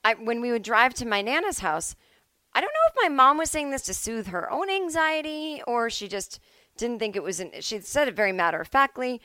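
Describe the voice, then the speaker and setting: Her voice sits on the high side, sing-song and sharp, moving briskly with no room sound. A woman in her forties from Massachusetts, she hosts a solo comedy podcast from home, rambling, self-deprecating, and full of "like" and "I don't know."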